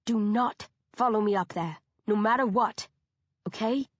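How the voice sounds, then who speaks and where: A woman voicing a teenage girl gang leader who gives brisk, commanding orders and puts on a mocking, high scream. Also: no room sound, muffled recording, close to an everyday voice. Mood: urgent.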